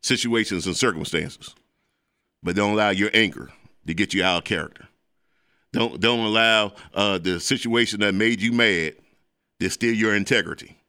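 A man hosting a show as a preacher, delivering an emphatic, repetitive preaching monologue that turns excitable when it moves to sports. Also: fairly low pitch, moderate pace, dry recording, clean studio sound. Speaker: preacher and host.

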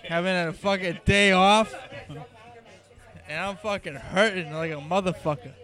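A man's voice: high-pitched, unhurried, bright, forceful tone. A man from Boston with a Boston accent, a podcast guest who is brash and swears constantly. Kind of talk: casual podcast banter.

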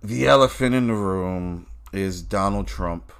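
Recorded in a car, this man hosts his own show in a low, gravelly, clean-toned voice at an unhurried pace. He delivers blunt ranting commentary and swears constantly.

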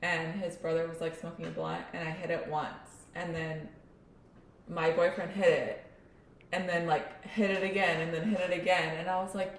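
A woman's voice: fairly low pitch, little pitch movement, normal speed, recorded from a distance. A young woman co-hosting a podcast, chatting casually and joking along. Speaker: podcast co-host. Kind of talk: casual chat. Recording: roomy echo, faint noise.

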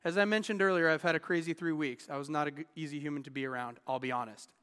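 A man's voice: a little high, fairly even intonation, fast talker, fairly bright tone, clean tone, long reverb tail. A man in his thirties giving a sermon as pastor, telling personal stories in an earnest, candid way. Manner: earnest, candid storytelling with restarts.

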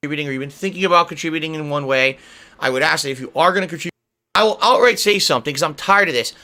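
A man's voice: a little high, racing, pushed and bright. A man hosting a casual stream podcast, ranting and swearing at his audience. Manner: profane, ranting. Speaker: streamer host. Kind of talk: casual livestream podcast chat.

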